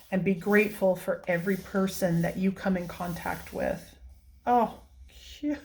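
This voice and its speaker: Gushing, chatty woman vlogger. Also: medium pitch. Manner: gushing, chatty, frequent soft exclamations and giggles. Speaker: coloring channel host. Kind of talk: casual vlog, flipping through coloring books.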